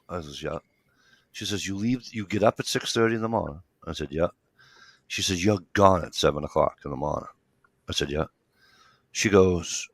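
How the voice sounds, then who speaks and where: A man's voice: low-pitched, normal speed, pauses often, dry recording. A man telling long stories in casual chat, acting out each side of the conversation and swearing freely. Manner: animated storyteller acting out dialogue, swears freely. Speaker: show regular.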